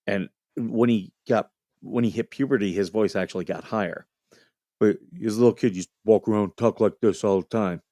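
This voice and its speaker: A man's voice: lowish voice, warm tone, dry recording, studio quality. A man hosting a livestream, chatting casually and telling funny stories with frequent laughter. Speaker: livestream host. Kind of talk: casual chat and storytelling.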